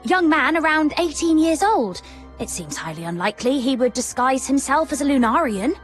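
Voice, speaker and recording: A woman's voice: sits high, sing-song, normal speed, faint music behind. A woman playing a dutiful female soldier who reports to her commander in a composed, matter-of-fact way in a game cutscene. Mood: reporting.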